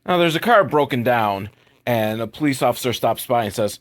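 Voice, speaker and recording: A man's voice: mid-range voice, animated, normal speed. A young adult man giving a crude, sarcastic comedic recap of a movie as the show's host. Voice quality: crude, sarcastic, mocking asides.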